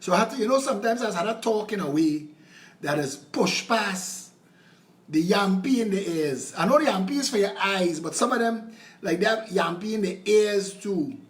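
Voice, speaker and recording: A man with a Trinidadian accent giving a satirical political speech in a sardonic tone, moving between slow, solemn lines and quick mockery. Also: sits high, animated. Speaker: political speaker.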